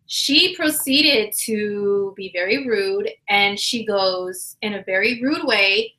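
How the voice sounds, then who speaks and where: Her voice slightly hoarse and medium in pitch, a woman hosting an astrology livestream tells a story slowly over poor audio. She's casual, slangy and animated, performing each quote as she goes.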